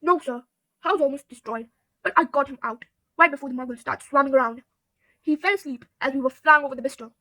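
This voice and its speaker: A woman reading the lines of a huge, shaggy, gentle male giant, tearful and sobbing, in a storybook reading. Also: high voice, brisk, no echo. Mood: earnest.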